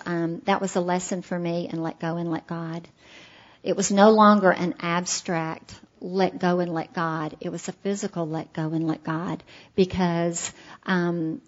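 A woman's voice: mid-range voice, dull audio. A middle-aged woman, earnestly telling a heartfelt personal recovery story at a meeting. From Alabama, USA. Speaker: speaker sharing her recovery story.

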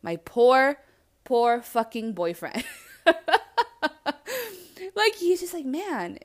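A woman hosting a podcast, talking alone in a blunt, animated and self-reflective way and swearing freely. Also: fairly high pitch, extremely slow. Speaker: podcast host. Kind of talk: candid solo monologue.

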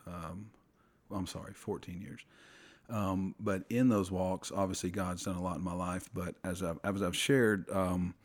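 A middle-aged man telling a personal faith story on a podcast, earnest and halting, often restarting his sentences. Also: sits low, fairly even intonation. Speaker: podcast guest.

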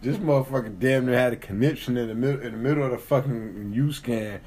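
Husky-voiced man telling a story. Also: medium pitch, fairly quick. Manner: profane, animated storytelling with acted-out quotes. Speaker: podcast co-host. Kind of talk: casual storytelling chat.

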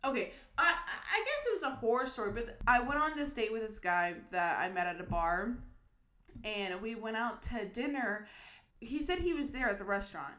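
A woman's voice: fairly high pitch, expressive, normal speed, a bit bright. A young woman co-hosting a casual chat, tossing in playful, joking asides. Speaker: podcast co-host.

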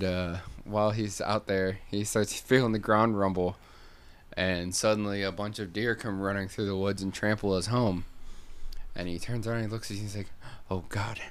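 Low-voiced man rambling through a story. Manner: rambling, laughs often. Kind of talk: casual improvised storytelling.

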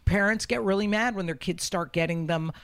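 A woman's voice: mid-range voice, fairly quick. Woman, 50s, comedian and podcast host, brash, swears freely, self-deprecating. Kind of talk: casual podcast chat.

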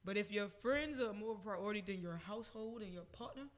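A man's voice: sits high, fast talker. A man co-hosting a podcast, ranting emphatically and swearing freely. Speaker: podcast co-host. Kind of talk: casual chat.

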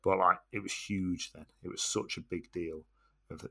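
A man's voice: low-pitched, steady tone, normal speed, gravelly, pushed and bright. A man co-hosting a casual podcast, reminiscing in rambling, reflective talk. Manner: short agreeing replies, rambling reminiscence. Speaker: podcast co-host. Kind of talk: casual chat.

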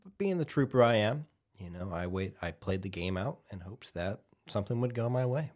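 A man's voice: fairly low pitch, brisk. A man on a podcast telling a gaming story in casual chat, swearing freely and acting out what people said. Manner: animated, swears, acts out quotes. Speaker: podcast host.

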